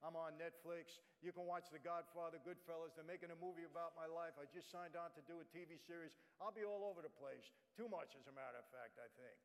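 A man preaches his testimony in a blunt, plain-spoken way, talking right at the crowd. His voice sits a little higher than most men's. A long reverb from a big hall trails behind every line. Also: steady tone, quick pace, hardly any pauses. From New York, USA. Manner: blunt, conversational, addresses the audience directly. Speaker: guest speaker. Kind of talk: testimony sermon. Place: church.

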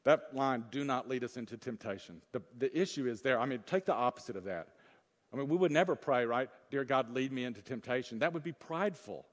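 A man preaching a sermon as pastor, moving between loud urgent peaks and soft, low asides, and asking the congregation questions. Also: animated, fairly quick. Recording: long reverb of a church hall.

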